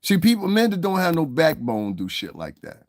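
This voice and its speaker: A man's voice: a little high, huge pitch swings, normal speed, darkish tone, no echo, studio quality. A middle-aged man ranting in heated, profane commentary, often asking "you understand what I'm saying". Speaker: commentary vlogger.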